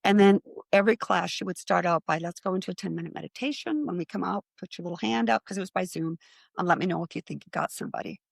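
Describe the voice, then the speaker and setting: Gravelly-voiced woman telling animated stories. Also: fairly low pitch, fast, dry recording. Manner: animated anecdote-telling with acted-out quotes. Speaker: guest, psychic medium. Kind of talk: storytelling in a podcast interview.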